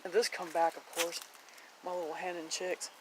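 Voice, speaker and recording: A woman's voice: fairly low pitch, flat delivery, moderate pace, noisy background. A woman giving a casual walking tour of her home garden, chatty and rambling, blunt, with mild swearing and frequent laughter.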